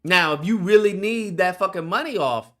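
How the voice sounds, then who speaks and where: A man reacting to news clips in profane, animated commentary, incredulous and blunt. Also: high voice, normal speed.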